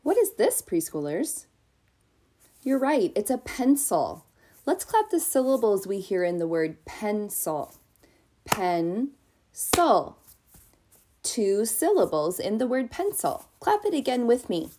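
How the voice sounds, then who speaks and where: Slow, sing-song woman preschool teacher. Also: fairly high pitch, very animated, noisy background. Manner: slow, sing-song and encouraging, drawn-out words. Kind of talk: teaching young children on video.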